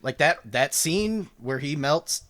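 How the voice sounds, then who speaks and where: A young man co-hosting a podcast, chatting casually about movies, excitable, laughing and swearing. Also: fairly high pitch, takes it slowly. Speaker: podcast co-host.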